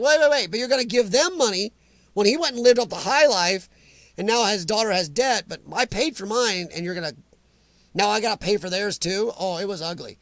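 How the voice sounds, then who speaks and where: An American man hosts a casual, opinionated live chat, rambling and emphatic as he answers viewers by name. His voice is high-pitched, bright and forceful, with no echo.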